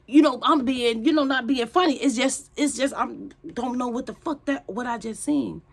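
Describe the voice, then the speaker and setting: A woman telling a casual storytime to her viewers, blunt, profane and animated. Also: on the high side, moderate pace, hardly any pauses.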